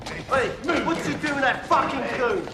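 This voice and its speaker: An actor playing an abusive, foul-mouthed male prison inmate, yelling insults in a film scene. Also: very high-pitched, very animated, normal speed, background noise. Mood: hostile. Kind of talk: film dialogue. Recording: echoey cell with film score.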